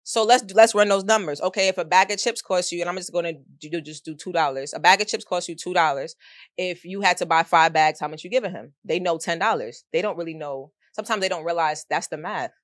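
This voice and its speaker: A woman in her thirties, a middle school math teacher, telling stories in an animated, slangy way during a casual interview. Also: on the low side, fairly quick, no room sound, studio quality. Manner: animated storyteller, slangy and expressive.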